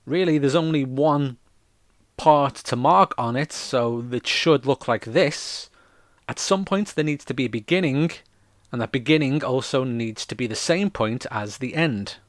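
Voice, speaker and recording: A man's voice: medium pitch, dry recording. A man, a playwright, explaining a theatre style in a casual talk, dropping wry, dry jokes along the way.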